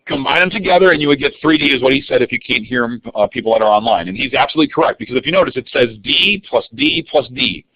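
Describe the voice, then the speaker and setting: A man's voice: medium pitch, lively intonation, fast talker, few pauses, dry recording. A man teaching a live online algebra review lesson, calling on students by name in an upbeat way. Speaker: math teacher. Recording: dull lo-fi dry sound.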